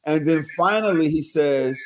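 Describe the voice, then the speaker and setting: A man's voice: fairly high pitch, a little slow, slight background noise. A man co-hosting a podcast, making his case insistently and telling it as a story. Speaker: podcast co-host. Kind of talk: casual debate.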